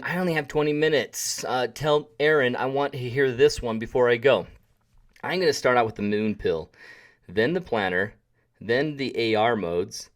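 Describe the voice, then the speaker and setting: A man hosting a live photography webinar, chatty and self-deprecating, with jokey asides and a voice that drifts toward and away from his desk mic. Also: medium pitch. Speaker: webinar host and photography teacher. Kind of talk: casual live-stream tutorial. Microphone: desk mic, sometimes drifting off it.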